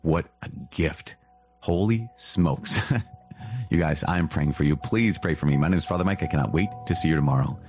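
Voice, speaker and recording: A man's voice: rumbling low, moderate pace, darkish tone, soft background music. A man speaking as a priest, giving an earnest, exclamatory catechism talk. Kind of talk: catechism teaching.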